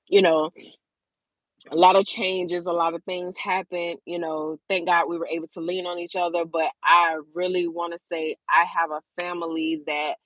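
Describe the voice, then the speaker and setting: A woman's voice: fairly low pitch, little pitch movement, moderate pace, a bit bright, no room sound. A woman vlogger speaking openly and emotionally to her viewers, repeating words for emphasis. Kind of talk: candid personal talk to camera.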